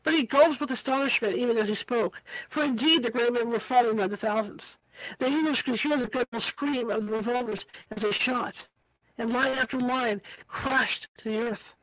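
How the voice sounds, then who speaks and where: A woman's voice: on the high side, normal speed, fairly bright tone, dry recording, poor audio. A woman reading a book aloud as an amateur reader, tripping over hard words and slipping in casual asides. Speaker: audiobook reader.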